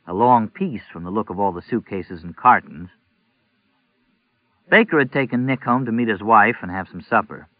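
A man narrating a novel in a measured, even reading. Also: fairly low pitch, no echo. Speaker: audiobook narrator. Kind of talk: scripted narration. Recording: tinny narrow-band audio, dry.

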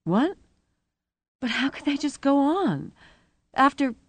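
A woman voicing a battered adult woman who is crying, shrill and furious. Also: moderate pace, vocal fry, a little mellow, no room sound. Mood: bewildered. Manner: sobbing, shrill, furious outbursts.

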